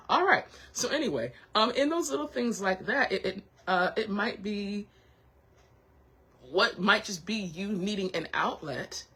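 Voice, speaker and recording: A woman's voice: mid-range voice, expressive, measured pace, sharp tone, slightly rough, low-quality recording. A woman hosting a casual motivational chat, encouraging and heartfelt, who thinks aloud with frequent restarts and repeats her reassurances. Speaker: host.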